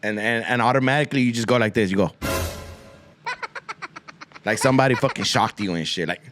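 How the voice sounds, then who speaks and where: A man's voice: mid-range voice, brisk, pauses often, over music. A man hosting a podcast, rambling through a crude comic monologue full of swearing and Spanish slang, often repeating himself. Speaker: podcast host.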